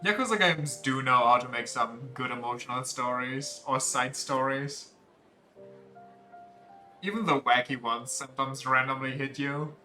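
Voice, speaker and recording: A man's voice: mid-range voice, a little slow, bright, forceful tone. A man streaming a video game, chatting casually and joking crudely as he plays, often laughing. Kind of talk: casual let's-play commentary. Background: faint game music.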